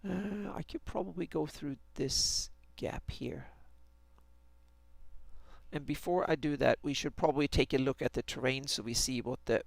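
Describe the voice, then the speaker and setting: Brief: man, mid pitch with gravelly fry, dry close sound, musing hesitantly while streaming map work. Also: moderate pace, no echo. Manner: hesitant, many restarts and fillers. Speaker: fantasy map maker streaming his work. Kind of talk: thinking aloud on a live stream while drawing a map.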